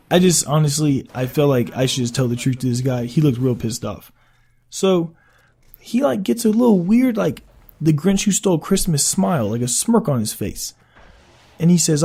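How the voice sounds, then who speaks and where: A young man telling a casual, profane story for his vlog in an animated way. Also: a little high, moderate pace, slightly rough. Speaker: vlogger.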